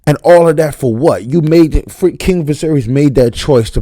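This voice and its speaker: A man giving an unscripted, profane, slang-heavy recap of a TV episode, talking fast and getting worked up. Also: a little high, dark tone, dry recording. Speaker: TV show reviewer.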